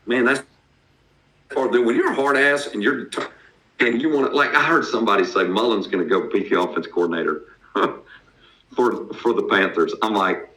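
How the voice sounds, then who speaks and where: Southern guy, low-ish voice, blunt folksy sports talk, roomy echo. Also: normal speed, sharp tone. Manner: blunt, folksy, laughs often.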